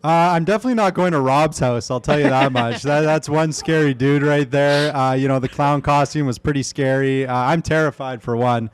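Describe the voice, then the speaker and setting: Laid-back man with a smooth voice. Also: on the high side, moderate pace, few pauses. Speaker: trader guest on the show. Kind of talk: casual livestream chat.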